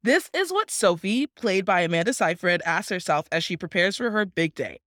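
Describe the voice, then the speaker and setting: A woman's voice: lowish voice, lively intonation, moderate pace, a bit bright, dry recording, clean studio sound. A young woman co-hosting a podcast, chatting casually in a bubbly, giggly way. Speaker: podcast co-host. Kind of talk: casual chat.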